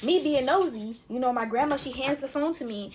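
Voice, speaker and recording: With a high, brisk voice over a noisy background, a woman in her twenties tells a relaxed TikTok storytime while playing with slime. She uses plenty of fillers and addresses viewers as "y'all."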